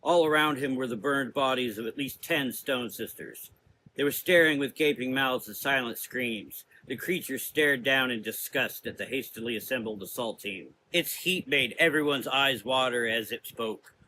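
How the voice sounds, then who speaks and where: A male narrator with a bright, crisp tone and a mid-range voice tells a gothic horror audio drama. His delivery is steady and vivid, carrying the action forward. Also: medium pitch, moderate pace, slight background noise, low-quality recording.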